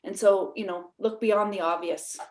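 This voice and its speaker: A woman's voice: mid-range voice, fairly even intonation, moderate pace, a little mellow. A woman with a Canadian accent, talking animatedly as a guest in a podcast interview, laughing often. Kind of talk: casual interview.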